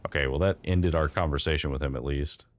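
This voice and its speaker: A man's voice: rumbling low, fairly even intonation, fast. A man casually commenting on his game as he plays, chatty and thinking aloud with fillers. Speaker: game streamer. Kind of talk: casual let's-play commentary.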